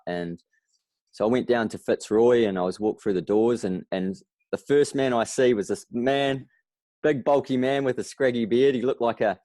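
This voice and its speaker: A man with a New Zealand accent, a podcast guest, telling stories in a lively way and acting out the voices of the people he quotes. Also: mid-range voice, moderate pace, dry recording. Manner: animated storyteller, acts out quoted voices. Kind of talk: casual interview.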